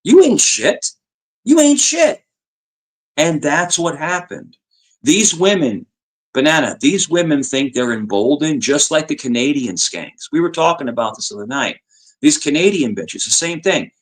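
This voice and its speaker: A man's voice: on the high side, lively intonation, moderate pace, a bit bright. Repetitive, profane man in casual chat. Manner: profane, repeats himself. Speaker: podcast guest.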